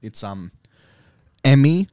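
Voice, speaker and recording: A man's voice: medium pitch, sing-song, slow pace, warm tone, smooth, no echo, studio quality. A young man co-hosting a casual podcast, jokey and loose, often laughing and swearing. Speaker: podcast co-host. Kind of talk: casual chat.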